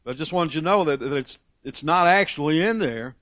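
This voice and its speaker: Emphatic high-pitched male preacher. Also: animated, a little fast, fairly bright tone, no room sound, clean studio sound. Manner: earnest, emphatic, with frequent restarts and read quotations. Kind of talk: sermon.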